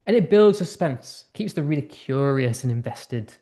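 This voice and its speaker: British guy tutoring english, mellow tone, rambly with lots of ums. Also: medium pitch, expressive, moderate pace. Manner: conversational, many fillers and restarts, acts out example tones. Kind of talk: teaching lesson.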